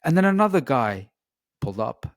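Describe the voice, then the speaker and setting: A man's voice: mid-range voice, very animated, fairly quick, dry recording, studio quality. A man, a coach being interviewed, telling a personal story in an earnest, reflective way with many "you know" fillers.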